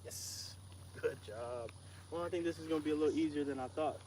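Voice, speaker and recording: A man working as a dog trainer, giving a casual training demonstration outdoors in a relaxed, slangy manner, talking calmly to the dog. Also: fairly high pitch, a little fast. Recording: outdoor recording with clear background noise.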